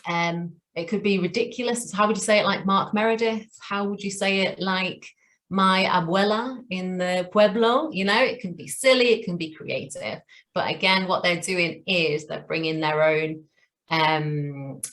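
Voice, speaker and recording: A woman's voice: on the low side, normal speed, a bit bright. A woman co-hosting a teacher training webinar, chatty and enthusiastic, laughing often. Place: online webinar.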